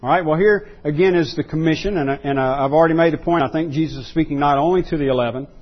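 Guy preaching, kinda high husky voice, keeps restarting and repeating words, dull lo-fi sound. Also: quick pace. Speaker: pastor. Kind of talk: sermon.

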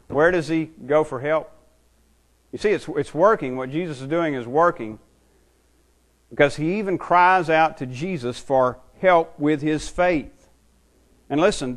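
A man preaching a sermon as a pastor, earnest and often repeating words as he builds his points. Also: mid-range voice.

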